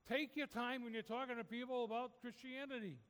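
A man's voice: extremely high pitch, fairly even intonation, a little fast, a bit bright, big-room sound. A man preaching a sermon, urging his listeners with repeated, rising calls. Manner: repetitive, rising exhortation.

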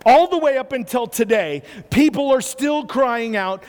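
Sex: man. Role: preacher. Style: animated sermon storytelling with frequent restarts. Pitch: high for a man. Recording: long hall reverb. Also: a little slow, few pauses.

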